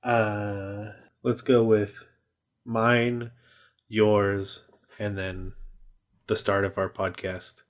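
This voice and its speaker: A man's voice: on the low side, little pitch movement, very slow, pauses often. Laughing Californian man joking around. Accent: Californian American. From United States. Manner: jokey, laughing, loose rambling. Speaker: podcast co-host, dungeon master. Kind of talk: casual chat.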